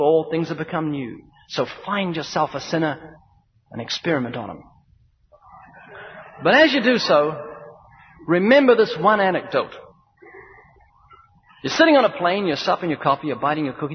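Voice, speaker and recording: A man preaching a sermon in an emphatic, rhythmic style, building points through repetition and acted-out dialogue. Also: fairly high pitch. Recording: dull recording with long hall reverb.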